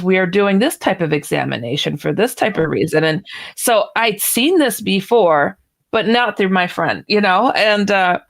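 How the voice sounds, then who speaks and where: A woman author, a guest on a radio interview, telling a personal story and acting out the dialogue. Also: mid-range voice. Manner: animated storyteller who acts out quoted dialogue.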